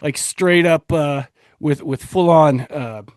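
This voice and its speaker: A male podcast co-host in loose, joking chat. His voice sits a little high and sounds close and dry, with no room around it. He rambles and restarts his sentences often. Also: takes it slowly, no echo. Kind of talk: casual chat.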